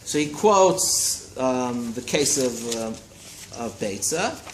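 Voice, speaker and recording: A man teaching a Talmud class in a study hall, lively and constantly checking in with his listeners. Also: mid-range voice, takes it slowly. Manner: animated, keeps checking in with listeners. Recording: roomy echo, faint hiss.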